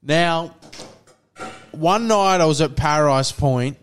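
A man's voice: fairly high pitch, takes it slowly, a little hiss or hum. A man, telling a rambling story in a casual podcast chat and acting out what others said. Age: 20s. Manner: rambling, many fillers, acts out quotes. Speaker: podcast co-host.

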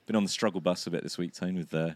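A man co-hosting a casual cricket podcast outdoors, slightly hoarse from laryngitis, chatty and self-deprecating with many restarts. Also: sits low, steady tone, racing, dry recording. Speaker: podcast co-host. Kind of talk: casual chat. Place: outdoors, sunny and breezy.

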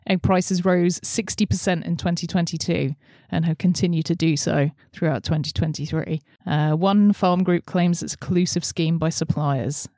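In a lowish, slightly mellow voice, a woman casually hosts her channel from a messy bedroom office, chatting to camera, giggling, and teasing herself. She's on a laptop setup with headphones, and the sound is clean, studio-like, and echo-free.

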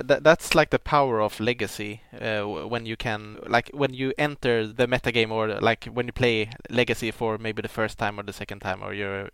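A man's voice: fairly low pitch, creaky, fairly bright tone, clean tone, no room sound. A man in a casual podcast chat, speaking hesitantly and restarting his phrases.

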